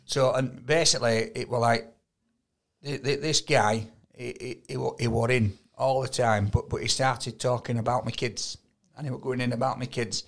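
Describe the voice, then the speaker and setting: A Yorkshire man with a gravelly, creaky voice, chatting on a podcast. He tells stories in a rambling way, often stumbling and repeating words, and his pitch sits at an ordinary middle level. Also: steady tone, moderate pace. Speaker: podcast co-host. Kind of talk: casual chat.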